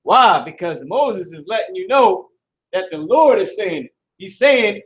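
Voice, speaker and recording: A man's voice: sits high, animated, unhurried, fairly bright tone, rough recording. A man teaching a live class at a board indoors, talking in a loose, slangy, profane way and often repeating himself. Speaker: Hebrew class instructor.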